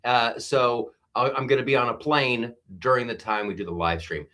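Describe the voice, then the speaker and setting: A male comedian hosts an unplanned live stream and talks in a casual, excitable riff full of fillers. His voice is bright and forward, and his pitch is mid-range for a man. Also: moderate pace. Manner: excitable, riffing, with frequent fillers.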